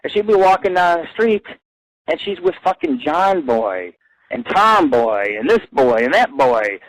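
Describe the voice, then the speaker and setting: A young adult man hosting an internet radio show, telling profane, rambling stories and ranting with loud outbursts. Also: sing-song, moderate pace, no room sound, rough recording. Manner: crude, ranting, swings between low mutter and loud outburst. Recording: dry close-mic internet radio.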